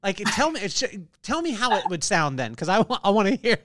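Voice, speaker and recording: A man's voice: high-pitched, very animated, a little fast, fairly bright tone, dry recording, studio quality. A man hosting a podcast, asking questions in a playful, teasing way. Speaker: podcast host. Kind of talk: casual interview talk.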